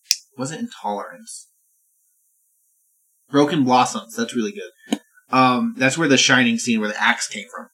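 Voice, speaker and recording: A man co-hosting a podcast in casual chat, excitedly retelling a movie, swearing and acting out lines in voices. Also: medium pitch, measured pace, pauses often, breathy edge. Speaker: podcast co-host.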